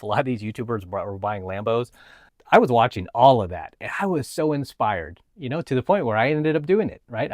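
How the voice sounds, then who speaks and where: A man with a medium-pitched voice, recorded at studio quality with no room sound, is a coach and vlogger telling a personal story. His casual monologue is emphatic and repetitive, and he often asks "right?".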